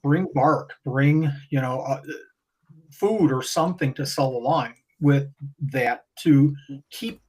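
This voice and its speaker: A man talking as a guest on a podcast, animated and rambling, often restarting his sentences. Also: mid-range voice, low-quality recording. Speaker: guest breeder. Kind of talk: casual podcast conversation.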